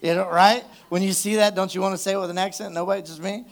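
A male pastor with a high voice preaches a live sermon in church. He keeps it conversational and loose, checking in with the congregation and drawing responses from them. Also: steady tone, quick pace. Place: church service.

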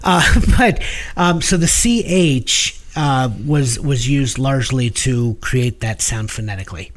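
Man explaining in relaxed podcast chat. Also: mid-range voice, a little slow. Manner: explanatory, hesitant with many fillers. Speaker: podcast co-host. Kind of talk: casual chat.

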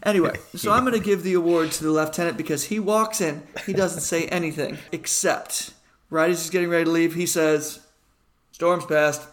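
Brief: podcast co-host, man, high-pitched, laughing storyteller. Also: fairly even intonation, a little fast, fairly bright tone. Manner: storytelling, laughs while talking. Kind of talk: casual chat.

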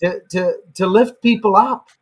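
A man's voice: high voice, measured pace, slightly rough. A Canadian man, a guest on the show, talking earnestly in casual conversation and often repeating words as he starts a sentence. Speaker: guest, YouTuber.

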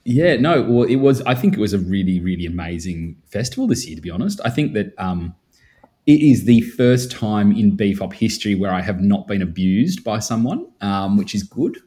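A man's voice: on the low side, lively intonation, normal speed, warm tone. A man who directs a photography festival, talking in wry, self-mocking podcast banter and laughing often.

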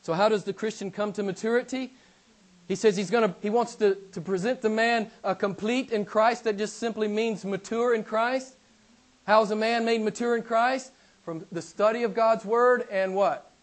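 A man preaching a sermon who repeats his key phrases, calls his listeners beloved and keeps putting questions to them, swinging between loud emphasis and quiet asides. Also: sits high, moderate pace. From United States. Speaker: pastor.

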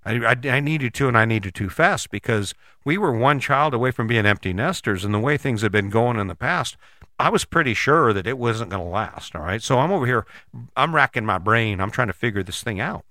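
A man's voice: medium pitch, expressive, fairly quick, bright, forceful tone, dry recording, studio quality. A middle-aged man talking in a blunt, folksy, casual monologue, telling stories with mild cursing.

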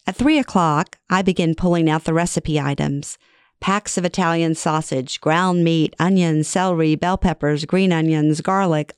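A woman's voice: sits low, clear, resonant tone, no echo, clean studio sound. A middle-aged woman reading her own memoir aloud in a wry, conversational way. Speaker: memoir narrator. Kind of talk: first-person storytelling reading.

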